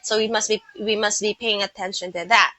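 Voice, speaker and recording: A Filipino woman teaching English pronunciation, who speaks slowly and repeats words so listeners can copy them. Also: mid-range voice, steady tone, sharp tone, no room sound, rough recording. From Philippines. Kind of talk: pronunciation lesson.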